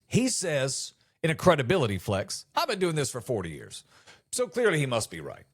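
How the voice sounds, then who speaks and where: Animated man doing a comic monologue. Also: mid-range voice, moderate pace, husky. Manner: animated, mock-incredulous, acts out quotes. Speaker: comedy podcast host. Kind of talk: comedic monologue.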